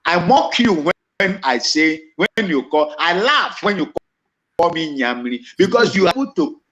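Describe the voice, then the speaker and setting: A commentator with a Nigerian accent delivers an impassioned, emphatic monologue, repeating himself and often restarting phrases. His voice is fairly high, a bit bright, and very animated, at a moderate pace, captured on a dull lo-fi recording.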